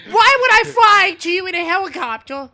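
A man's voice: extremely high pitch, lively intonation, normal speed, bright, forceful tone. A young man mocking other players in game voice chat, sarcastic and condescending. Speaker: online gamer trolling other players.

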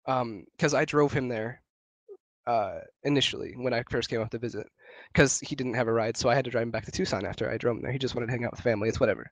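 A man's voice: medium pitch, quick pace, no echo. A young man and podcast co-host telling a long personal story in casual chat, rambling and swearing with many restarts.

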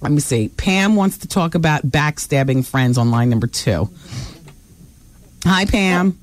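A woman hosting a call-in radio show, bantering with callers in a brash, teasing, quick-witted way. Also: sits low, animated.

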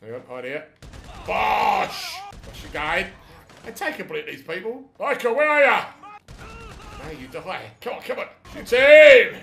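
A man's voice: high-pitched, huge pitch swings, normal speed, creaky, pushed and bright, a little hiss or hum. A middle-aged British man giving a sweary, laughing running commentary while playing a video game. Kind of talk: casual let's-play commentary. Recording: echoey room.

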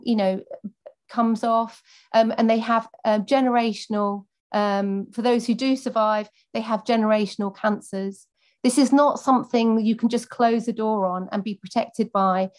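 A woman's voice: fairly high pitch, a little mellow. A woman campaigner speaking earnestly, giving a prepared speech and then answering questions off the cuff with many fillers.

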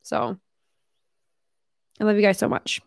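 A woman's voice: mid-range voice, little pitch movement, unhurried, vocal fry, no room sound, clean studio sound. A young woman live streaming in casual chat, talking a lot with "like" and casual swearing, her voice tiring from hours of talking. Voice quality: chatty, lots of "like", casual swearing.

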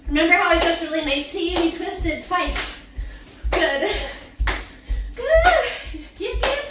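A woman's voice: extremely high pitch, big pitch swings, slow, very echoey, recorded from a distance, over music. A woman fitness instructor leading a workout class, counting reps and cheering with whoops and laughs, out of breath.

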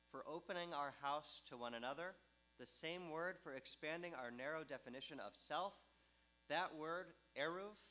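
A man, a rabbi, giving a measured, earnest sermon in a synagogue, slowing down to stress key words. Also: on the high side, sharp tone, poor audio. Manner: measured, earnest, slows for emphasis. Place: synagogue sanctuary.

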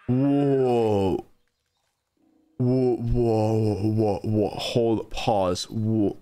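A man's voice: lowish voice, steady tone, drawn-out words, warm tone, smooth. A young man streaming a game, animatedly bossing his creatures around as he plays. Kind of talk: live gameplay commentary.

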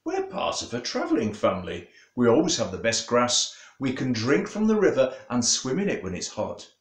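A man voicing a big travelling horse who teases a small pony in an amused, gently mocking way. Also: medium pitch, huge pitch swings, normal speed, reverberant.

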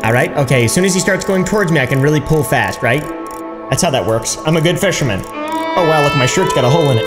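A man giving casual gameplay commentary, excitable and yelling and cursing at the game. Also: fairly high pitch, fast talker, loud music behind the voice. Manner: excitable, yells and curses at the game. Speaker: gaming YouTuber.

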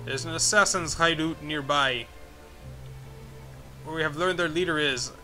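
A man's voice: on the high side, measured pace, bright, forceful tone, soft background music. A man reading the lines of a boastful male thieves' guild leader in a video game, stumbling over his words and using old-fashioned sayings. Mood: scheming. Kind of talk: reading game dialogue aloud.

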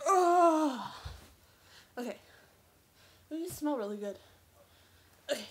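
A woman's voice: sits high, animated, slow pace, pauses often. A young woman, chatting playfully and breathlessly in her bedroom, giggling and teasing. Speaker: vlogger. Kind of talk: casual chat.

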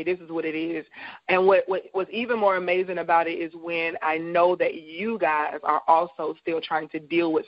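Woman host, live faith chat from her bed, unhurried and reflective, dry dull lo-fi stream audio. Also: deep voice, no echo. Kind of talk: live faith talk show. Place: at home in bed.

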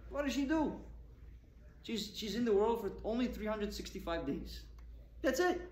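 A man's voice: sits high, animated, moderate pace, a little mellow, slight background noise. A male rabbi giving a Torah talk, firing rhetorical questions at his audience with emphasis. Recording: echoey room with faint ambience.

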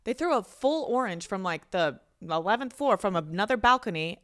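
A young adult woman co-hosting a podcast, telling stories in an excitable, casual way. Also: medium pitch. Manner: rapid, excitable storytelling. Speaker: podcast co-host. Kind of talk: casual storytelling chat.

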